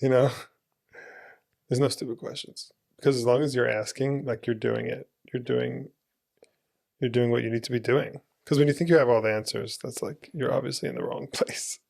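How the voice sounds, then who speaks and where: A male podcast guest with a gravelly, creaky voice at a middle pitch, talking in a studio. He chats eagerly and is quick to agree with the others. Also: steady tone, darkish tone. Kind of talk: casual discussion.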